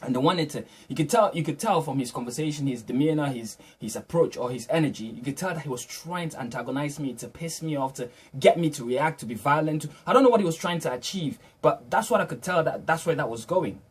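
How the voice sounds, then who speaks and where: Male vlogger, slightly high husky voice, earnest reflective storyteller, restarts his phrases. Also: animated, fast talker, hardly any pauses.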